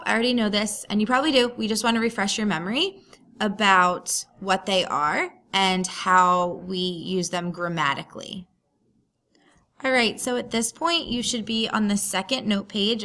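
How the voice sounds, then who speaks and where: A woman's voice: mid-range voice, gravelly, pushed and bright. A woman teacher talking through a recorded grammar lesson, patient and explaining step by step.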